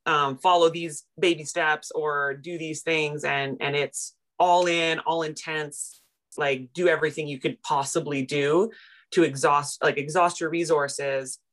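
A woman from Canada, a personal finance coach, telling her story in a casual interview, self-deprecating and animated. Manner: animated, self-deprecating, quick retellings with big pitch jumps in quoted moments.

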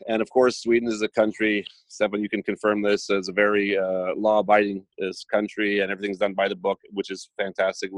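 This man talks casually and fairly quickly in a lowish voice, barely pausing as he tells anecdotes. He's an animated storyteller who acts out the dialogue, and the recording is dry.

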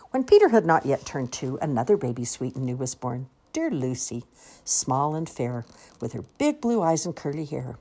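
A woman reads a rhyming picture book aloud in a lilting, rhythmic cadence. Her voice is strikingly low for a woman, with a gravelly fry and a husky edge throughout. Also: very animated, normal speed, warm tone. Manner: lilting, rhythmic verse reading. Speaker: storyteller.

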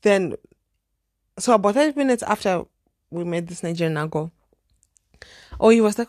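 A young woman from Zimbabwe with a Zimbabwean accent, hosting a podcast and telling a dating story in a chatty, animated, exclamatory way. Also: medium pitch, moderate pace, pauses often, no room sound, studio quality. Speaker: podcast host. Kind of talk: casual storytelling monologue.

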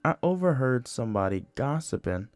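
A man's voice: mid-range voice, sing-song, a little fast, clear, resonant tone, no echo. A young man hosting a solo podcast, talking casually in a rambling, profane way with lots of "you know" and restarts. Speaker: podcast host.

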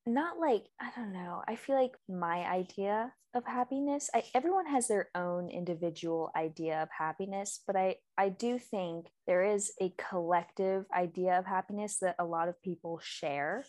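A young woman co-hosting a relaxed podcast, her voice at a middle pitch. She talks in a loose, chatty way, full of fillers, and laughs easily. The sound is dry and close. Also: moderate pace, few pauses, dry recording. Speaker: podcast co-host. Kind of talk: casual chat.

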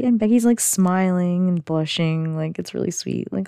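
A woman's voice: fairly low pitch, normal speed, gravelly, mellow, smooth, no echo, clean studio sound. A woman hosting a podcast, chatting casually through a sitcom recap with lots of fillers and giggly asides. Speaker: podcast host.

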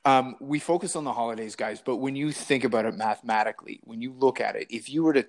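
A man hosting a health podcast over a call, with a voice of ordinary pitch. He rambles in loose, repeating sentences and checks in with "right?" and "you know?" between points. It sounds like a relaxed everyday chat. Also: fast. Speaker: podcast host. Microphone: remote call.

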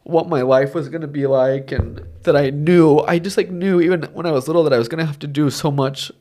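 A man's voice: fairly high pitch, steady tone, brisk, mellow. A man co-hosting a podcast, talking about films in a casual, earnest and emotional way with lots of fillers. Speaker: podcast co-host. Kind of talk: casual film review chat.

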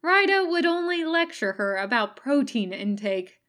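A woman reading fan fiction aloud as a recorded podfic, in calm, even narration. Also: sits high, normal speed. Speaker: podfic reader.

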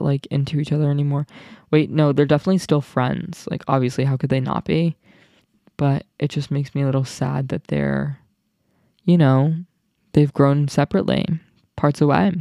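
A young man hosting his own podcast, chatting casually in an excitable, rambling way full of asides. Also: a little high, gravelly, no room sound, studio quality. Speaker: podcast host. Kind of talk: casual solo podcast chat.

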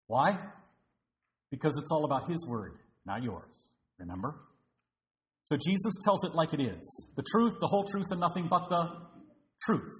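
A man preaching a sermon as pastor, emphatic and full of rhetorical questions to the congregation, recorded in a church. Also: on the high side. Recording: roomy echo.

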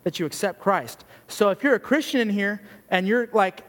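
A man's voice: high voice, lively intonation, normal speed, fairly bright tone. A man preaching as a youth pastor, blunt, earnest and conversational, peppered with casual "like"s. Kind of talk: sermon. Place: church youth gathering hall. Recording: long hall reverb.

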